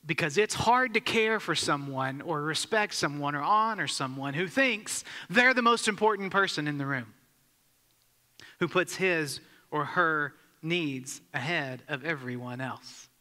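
A man's voice: fairly high pitch, expressive, unhurried, bright, forceful tone. A man giving a sermon as a pastor, telling a story conversationally and asking the congregation questions. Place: church sanctuary. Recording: long hall reverb.

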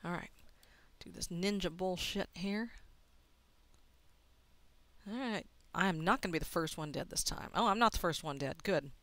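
A young woman talking to herself while she plays a game, swearing often and muttering quietly between excited outbursts. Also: fairly low pitch, moderate pace, pauses often, no room sound. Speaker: gaming video host. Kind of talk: casual let's-play commentary.

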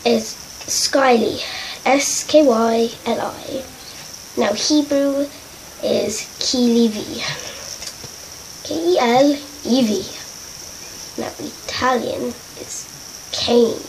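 Woman vlogger, slow chatty delivery, self-mocking, spells words out, noisy home recording. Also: fairly high pitch. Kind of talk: casual vlog, spelling out words.

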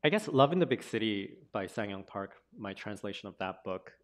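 Low-voiced chatty Korean-born man. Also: lively intonation, a little fast. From South Korea. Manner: chatty, full of fillers and restarts. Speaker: translator speaking at a book event. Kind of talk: casual conversational talk.

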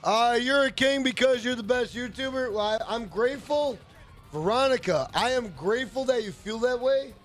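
A man's voice: extremely high pitch, moderate pace, fairly bright tone. A man streaming a video game live, hyped and profane, greeting and thanking chat members. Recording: faint music behind.

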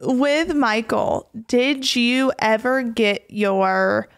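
A woman's voice: a little high, extremely slow, smooth. A young woman hosting a podcast, speaking thoughtfully and often correcting herself mid-sentence. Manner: thoughtful, restarts and corrects herself, many affirming murmurs. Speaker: podcast host. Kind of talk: casual conversational interview.

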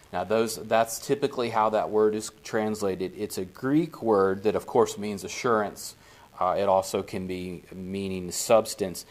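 A man leading a casual Bible study, talking in a conversational way and often checking in with the group. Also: on the low side.

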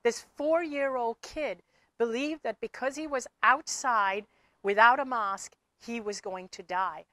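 A woman's voice: a little high, measured pace, bright, forceful tone, no room sound. A woman giving an earnest motivational talk to her viewers, often circling back and repeating her words. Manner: earnest, repeats herself with fillers. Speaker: spiritual speaker.

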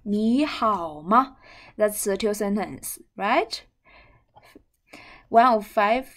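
A young woman with a Chinese accent, a native Chinese speaker, teaching a language lesson slowly and repeating words and syllables. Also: on the high side, fairly bright tone.

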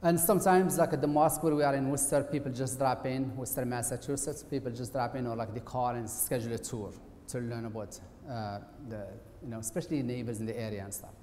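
A man's voice: mid-range voice, fairly even intonation, quick pace, hardly any pauses, dark tone. A middle-aged man gives a presentation lecture, speaking in a conversational, hesitant way. His voice sits in a medium range. The sound carries a long, roomy auditorium reverb. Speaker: guest lecturer, occupational therapist. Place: university auditorium. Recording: echoey hall with faint hiss.

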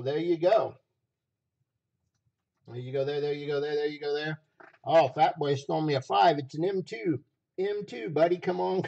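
A hoarse man running a live stream auction, repeating phrases as he hypes each item from a basement room. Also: a little high, dark tone, dull audio.

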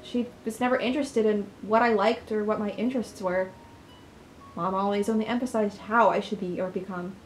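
A woman reading the first-person lines of a troubled young woman in a game, quiet and plain. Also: medium pitch, fairly even intonation, a little fast, roomy sound, faint music behind, lightly acted, low-quality recording. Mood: subdued. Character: troubled young woman narrating her own story.

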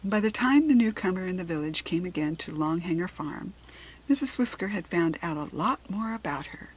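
Breathy American woman reading a storybook. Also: fairly low pitch, animated, normal speed, rough recording. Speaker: children's book reader.

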